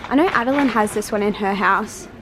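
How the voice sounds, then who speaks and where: A woman's voice: mid-range voice, a little fast, noisy background. A young woman vlogging in a casual, chatty way who says "like" constantly, filming herself handheld as she moves around. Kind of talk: casual vlog chat. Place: bedroom at home, then a furniture store. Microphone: camera on a tripod, then handheld.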